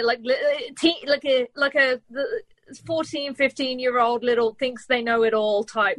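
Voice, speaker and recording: A woman in her thirties from England with a softened Midlands accent, tinged Australian, chatting as a guest in a lively, bubbly way. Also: high-pitched, no room sound. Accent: English Midlands, softened, with Australian tinge. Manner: bubbly, animated, quick with voices. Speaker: guest, professional dancer. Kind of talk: casual interview chat.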